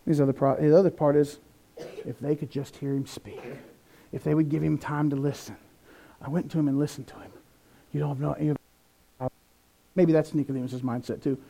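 A man preaching a sermon, animated, acting out quoted voices with big swings in pitch and loudness. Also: normal speed, vocal fry, long pauses. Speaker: pastor.

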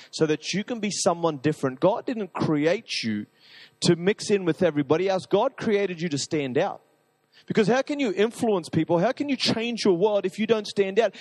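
A man preaching a sermon to a live audience, talking in an energetic, rambling, enthusiastic way. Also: high-pitched, long reverb tail.

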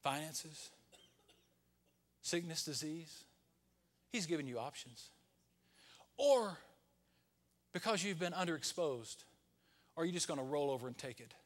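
A pastor preaching a Sunday sermon, rising to loud peaks and dropping to hushed, whispered lines. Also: male voice, a little high, animated, unhurried, pauses often.

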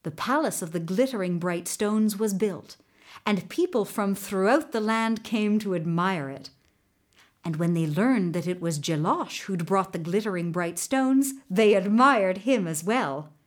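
A woman narrating a storybook fairy tale in an expressive, measured manner. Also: mid-range voice.

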